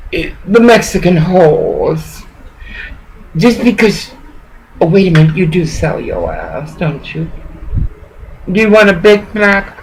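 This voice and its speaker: A woman's voice: fairly low pitch, slight background noise, low-quality recording. A woman talking to camera in a rambling, agitated, emotional monologue, swearing often and jumping from one thought to the next.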